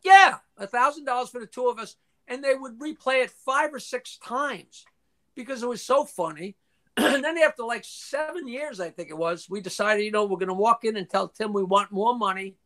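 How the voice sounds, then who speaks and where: An older man, a guest in a casual interview, tells long anecdotes full of restarts, swearing and acted-out quotes, clearing his throat now and then. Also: sits high, normal speed, bright, forceful tone. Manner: profane, frequently clears throat.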